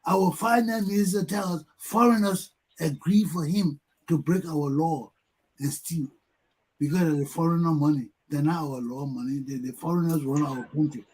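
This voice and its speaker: A man with a Liberian English accent hosting a talk show, ranting heatedly and mimicking people's repeated yelling. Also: on the high side, moderate pace, husky.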